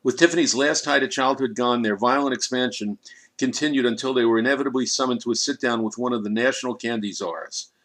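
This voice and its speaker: A man reading a crime audiobook in a measured, dramatic storytelling manner. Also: mid-range voice, fairly bright tone. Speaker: narrator. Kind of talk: scripted audiobook narration.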